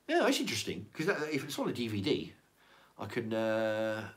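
Rambling older man, lively pitch. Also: moderate pace. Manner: rambling, swears, repeats words. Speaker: livestream host reading chat. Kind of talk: casual chat.

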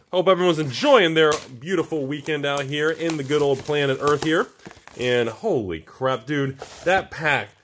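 A man hosting a card box-opening video, talking through each pull with animated, excitable commentary. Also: on the high side, a little hiss or hum. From United States. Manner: animated, swings from hushed awe to whooping excitement. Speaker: channel host opening card packs.

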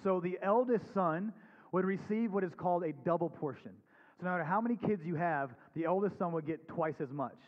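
A man's voice: high-pitched, fairly quick. A man preaching a sermon as pastor, reading scripture aloud and then explaining it in an earnest, conversational way. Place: church sanctuary. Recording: dull recording with long hall reverb.

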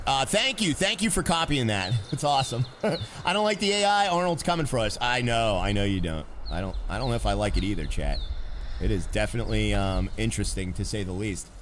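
A man streaming a game live, chatting excitedly with his viewers and laughing often. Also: medium pitch. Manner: excitable, laughing, talks to chat. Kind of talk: live gaming stream chat.

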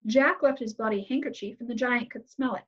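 A woman's voice: fairly high pitch, brisk, breathy edge. A woman reading aloud, voicing an arrogant, impatient fairy-tale prince who speaks coldly and curtly. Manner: cold, curt and commanding. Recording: slightly muffled lo-fi recording.

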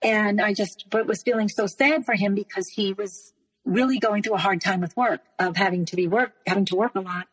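Woman guest, breathy voice, halting emotional retelling, long reverb on the recording. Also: mid-range voice. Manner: halting, with many restarts and repeated words. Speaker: interview guest. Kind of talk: emotional personal storytelling.

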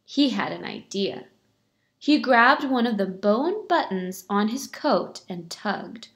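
A woman teacher reading a picture book aloud to her pupils, in a clear storytelling manner. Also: medium pitch, big pitch swings, takes it slowly, a bit bright.

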